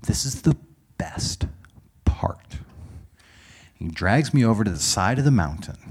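A man preaching a sermon as a dramatic story, dropping to hushed whispers and rising to loud exclaims. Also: low-pitched, husky.

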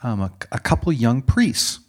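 A man preaching a sermon as a dramatic story, dropping to hushed whispers and rising to loud exclaims. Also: mid-range voice, big pitch swings, normal speed.

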